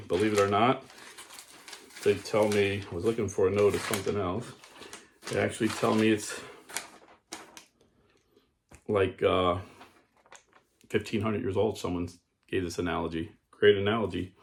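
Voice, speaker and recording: A Catholic preacher with a lowish voice gives an earnest sermon built around a parable, often restarting and repeating his words. Slight background noise can be heard.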